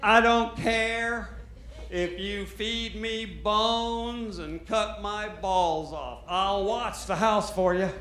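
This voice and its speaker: A man voicing a weary male dog who is slowly pleading not to be eaten, in a stand-up routine. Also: sits high, fairly bright tone, reverberant, slight background noise, heavily acted. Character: male dog, weary, bargaining for his life.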